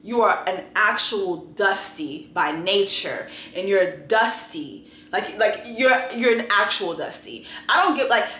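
A young woman hosting a casual review show, talking bluntly and profanely with sudden loud exclamations. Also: medium pitch, animated, a little slow, few pauses, reverberant. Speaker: YouTube show host.

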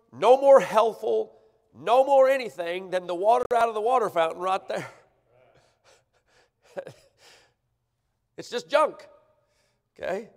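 A man preaching a sermon, emphatic and often checking in with the congregation. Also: high voice. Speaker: pastor. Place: church sanctuary. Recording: church livestream with long hall reverb.

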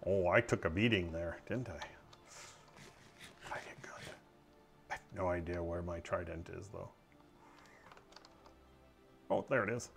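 A man streaming a game, chatting casually with his viewers as he plays and breaking into excitable outbursts. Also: deep voice, moderate pace, gravelly, pauses often, soft background music. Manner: chatty, talks to viewers while playing. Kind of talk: casual gameplay commentary.

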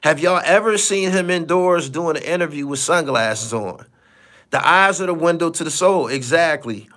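At a normal speed, this man talks with a slightly high, fairly bright voice. Hosting a live stream as a podcast host, he gives casual commentary bluntly, with profanity and repetition for emphasis.

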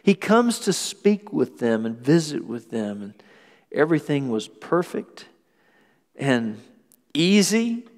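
A man preaching a sermon as pastor, lively and acting out quoted voices. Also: a little high, slow pace, long reverb tail. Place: church sanctuary.

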